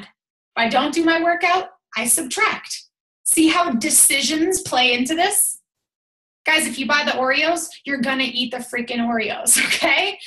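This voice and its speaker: A woman coaching her team on a call, talking in an energetic, emphatic rush filled with "like"s. Her voice sits high and sounds bright and forceful. The room around her gives it a noticeable echo. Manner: energetic, emphatic, chatty with many "like"s. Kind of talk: motivational team call talk. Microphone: call audio.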